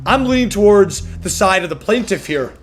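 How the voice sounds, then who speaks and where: A man streaming a video game, reading and reacting in a loud, slangy, profane and excitable way. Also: sits high, normal speed, faint music behind. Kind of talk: casual gameplay commentary.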